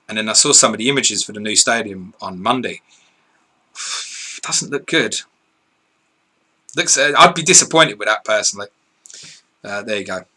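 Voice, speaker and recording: A man's voice: on the low side, sharp tone. A man, co-hosting a live stream, reading viewer questions and answering in blunt, sweary, casual chat. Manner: blunt, sweary, laughs easily.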